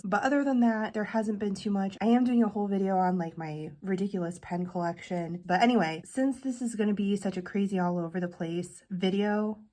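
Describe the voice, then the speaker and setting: A young woman chats brightly and enthusiastically to her viewers. Her voice is stuffy and congested, and she sometimes runs short of breath. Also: medium pitch. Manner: bubbly, chatty, enthusiastic. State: congested from illness. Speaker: planner vlogger. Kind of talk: casual talk to camera.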